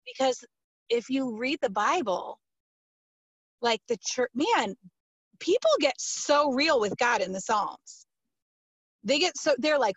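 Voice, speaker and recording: A woman pastor answering interview questions, telling a story in an animated, emphatic, casual way with many fillers. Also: high-pitched, takes it slowly, pauses often, breathy edge, dry recording, dull audio.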